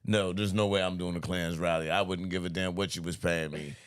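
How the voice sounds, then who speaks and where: Deep-ish voice guy cracking jokes on a podcast, laughs a lot. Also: steady tone, a little fast, clear, resonant tone, dry recording, studio quality. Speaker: podcast co-host. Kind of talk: casual podcast banter.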